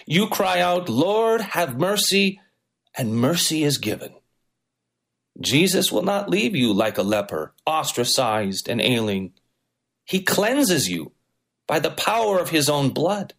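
A man's voice: fairly high pitch, very animated, unhurried, gravelly, fairly bright tone. A male pastor delivering a sermon, preaching with varied, emphatic intonation.

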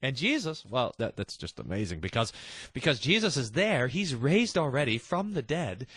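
A man's voice: mid-range voice, big pitch swings, moderate pace, fairly bright tone, breathy edge, no echo, clean studio sound. A man hosting a devotional podcast, talking earnestly and animatedly, often restarting his sentences. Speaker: podcast host.

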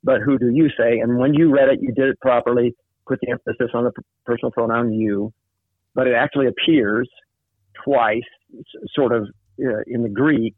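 A man with a husky, medium-pitched voice and a steady tone talks through a Bible passage in a relaxed study group, thoughtful and full of fillers. He speaks at a normal speed. The recording is dry yet tinny, like a phone line.

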